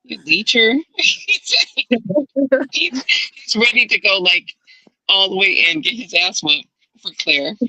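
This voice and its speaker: Woman, host, casual book chat, animated retelling, swears casually, bright forceful voice, dry sound. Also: mid-range voice, slow pace, pauses often, no echo, rough recording. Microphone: online stream setup.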